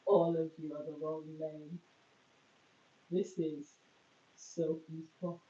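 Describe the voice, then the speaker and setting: A woman's voice: low-pitched, level tone, slow pace, warm tone. A woman chatting casually on a live stream from her phone, rambling and poking fun at herself. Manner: rambling, chatty, self-mocking. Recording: dull, echoey, far from phone mic.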